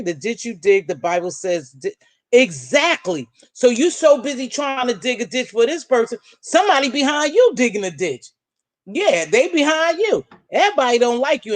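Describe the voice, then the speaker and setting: A woman hosting a casual live stream in a middle-pitched voice. She talks in an emphatic, preachy way, swinging her pitch up and down and calling her viewers "baby", and the close sound is dry with no room in it. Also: big pitch swings, moderate pace, no room sound. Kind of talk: casual live stream commentary, reading chat.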